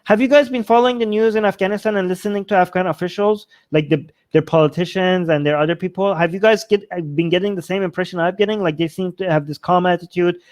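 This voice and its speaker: A man's voice: high voice, quick pace, few pauses, darkish tone, no echo. A man hosting a show, talking casually to his audience in a rambling, conversational way and repeating his points. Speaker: show host. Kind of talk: casual commentary to a live audience.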